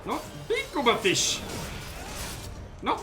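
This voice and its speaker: Excitable male streamer, high lively voice, very bright tone, casual gameplay commentary. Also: slow, faint music behind. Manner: excitable, talks to chat viewers. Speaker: streamer playing a video game.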